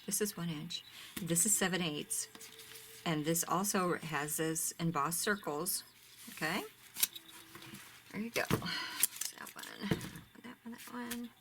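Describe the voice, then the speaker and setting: A woman's voice: on the low side, a bit bright, a little hiss or hum. A woman casually showing off ribbons from her craft shop, chatty and gushing, often dropping to a near-whisper. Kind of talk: casual product show-and-tell.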